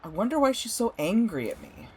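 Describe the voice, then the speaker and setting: A man's voice: high voice, huge pitch swings, fairly quick, darkish tone. Male gamer reading and commenting, mild and earnest, over a faint background hum. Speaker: gaming streamer. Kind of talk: let's-play narration and character reading.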